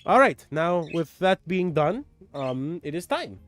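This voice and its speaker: A man running a livestreamed tabletop game as dungeon master, talking in an animated, rambling way and repeating himself as he greets chat and recaps the story. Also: on the high side, a little slow, faint music behind.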